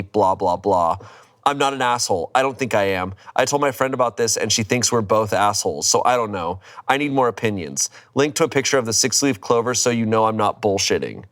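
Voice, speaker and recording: A man's voice: fairly low pitch, a bit bright. A man casually reading a story aloud, swearing freely, breaking into laughter and mock outrage. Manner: reads dramatically, swears, laughs, voices outrage. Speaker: host reading stories aloud.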